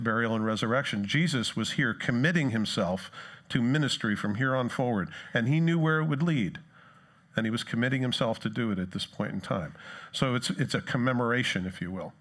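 A man's voice: medium pitch, fairly bright tone. A male pastor giving a conversational sermon to a church congregation, reading scripture and putting questions to his listeners.

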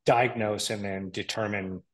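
A man's voice: lowish voice, fairly even intonation, measured pace. A man hosts an interview show and thinks his ideas through aloud. His delivery is musing and thoughtful, with frequent fillers as he works toward his point. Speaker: podcast host. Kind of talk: interview conversation.

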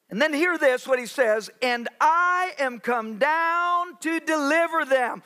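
High, bright-voiced preaching pastor. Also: male voice, animated. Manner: preaching with dramatic pauses, acting out Bible voices. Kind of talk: sermon. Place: church sanctuary.

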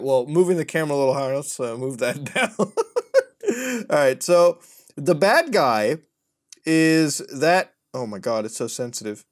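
A male gaming host talking through mobile games in a loose, unscripted way. His pitch swings widely as he jumps between mocking asides and loud outbursts, swearing freely and laughing often. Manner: profane, excitable, often laughing. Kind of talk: casual gaming commentary.

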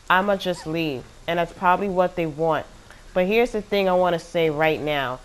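A woman's voice: on the low side, normal speed, smooth. A woman giving casual, rambling commentary over her own gameplay footage, sounding exasperated and using plenty of fillers. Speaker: gaming channel host.

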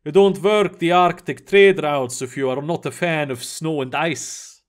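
A man's voice: a little high, measured pace, lightly acted. A man voicing a polite, cautious Arctic station manager in a story reading.

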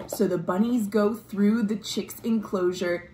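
A woman librarian doing a children's storytime read-aloud at home, animated, with delighted gasps and sing-song refrains. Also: mid-range voice, unhurried, hardly any pauses. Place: home room. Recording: roomy home recording with faint appliance hum. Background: dishwasher running.

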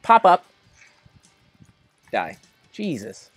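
A young man giving casual, excitable let's-play commentary, melodramatic and quick to plead or laugh. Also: mid-range voice, no echo, faint music behind. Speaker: gaming commentator.

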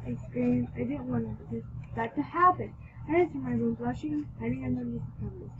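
A woman reading her own fan story aloud as a video host, halting often to correct herself. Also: on the high side, noisy background. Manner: halting, with restarts and self-corrections. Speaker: fanfic reader and video host. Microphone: built-in or cheap mic, not a headset. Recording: dull lo-fi home recording.

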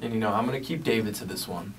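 A man's voice: on the low side, quick pace, a little hiss or hum. A man hosting a podcast in a small studio, chatting casually in a rambling, upbeat way full of filler words. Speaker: podcast host. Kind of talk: casual radio-style chat. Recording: distant mic, roomy sound.

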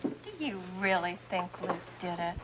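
An actress playing an excitable, chatty young woman in a 1980s daytime soap, rambling on breathlessly. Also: fairly low pitch, measured pace, very noisy.

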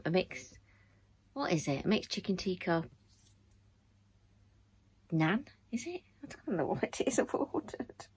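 A woman's voice: sits low, creaky, darkish tone, breathy edge. A middle-aged woman, chatting casually and wearily to camera in her bedroom. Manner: chatty, tired, rambling. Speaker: vlogger. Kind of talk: casual vlog chat.

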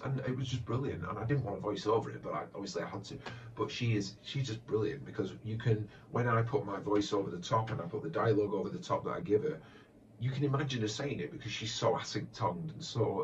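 Fairly low in pitch, a comedy voiceover parody maker answers fan questions in a casual, chatty way, with slight background noise. He often hesitates, using many fillers and restarts, and the distant lo-fi mic makes him sound muffled.

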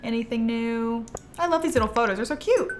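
A woman's voice: on the high side, fairly quick, soft background music. A young woman game streamer chatting casually and playfully to her chat while she plays, reacting aloud to what she finds.

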